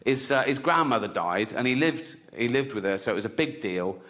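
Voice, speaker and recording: A man's voice: expressive, brisk, a bit bright. English male comedian, conversational stand-up in a theatre, long hall reverb. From England. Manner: conversational, keeps adding "right?", bursts into high laughing voices. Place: large theatre stage. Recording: live hall with audience.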